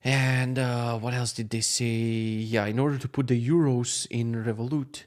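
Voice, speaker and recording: A man's voice: medium pitch, measured pace. Profane, ranting man. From North Macedonia. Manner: profane, animated, self-mocking rant. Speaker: vlogger. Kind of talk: casual ranting vlog.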